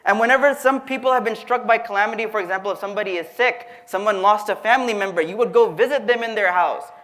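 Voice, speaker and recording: A man in a religious talk voicing a calm, devoted wife who speaks softly and reassuringly. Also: high-pitched, quick pace.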